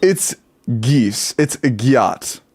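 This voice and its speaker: A man's voice: mid-range voice, animated, extremely slow, a little mellow, slightly rough. Chatty young man streaming. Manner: chatty, laughs often, rattles off game stats. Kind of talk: casual live-stream chat.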